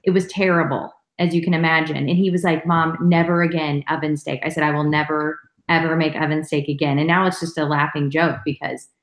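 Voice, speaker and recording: A woman's voice: deep voice, reverberant, rough recording. A woman in her thirties co-hosting a live stream, telling a story in a chatty, casual way. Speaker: co-host.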